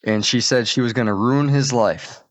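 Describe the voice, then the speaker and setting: A man's voice: medium pitch, normal speed, no echo. A man hosting a comedy podcast, bantering crudely and rambling in casual chat. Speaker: podcast host.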